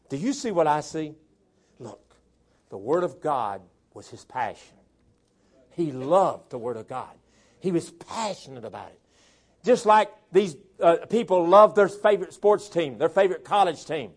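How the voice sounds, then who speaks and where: A man from the South, preaching a sermon and reading scripture verses aloud, swelling loud on key words and dropping into folksy asides. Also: on the high side, normal speed. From southern Tennessee and northern Alabama, US.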